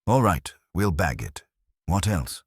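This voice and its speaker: A man doing a blunt, brisk police inspector. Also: low voice, sing-song, slightly rough, no echo, clean studio sound, exaggerated voice. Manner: blunt, impatient questions.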